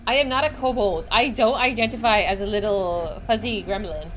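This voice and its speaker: A woman's voice: mid-range voice, brisk, few pauses, fairly bright tone, soft background music. A woman streamer chatting casually and swearing freely while she plays a game. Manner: bubbly, giggly, swears freely. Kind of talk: casual gaming livestream chat.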